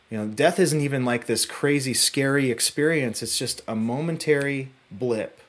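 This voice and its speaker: A man preaching a sermon as pastor, earnest, his phrases dropping to a hush and then building to urgent peaks. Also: slightly rough. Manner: earnest, swinging between hushed low phrases and rising urgent peaks.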